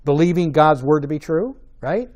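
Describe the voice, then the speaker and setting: A man with a slightly raised, light voice teaches a Bible study. He talks conversationally, checks in with his listeners through quick questions, and leans hard on emphatic words. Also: on the high side, expressive, darkish tone. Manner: conversational, asks rhetorical checks, rises to emphatic stresses.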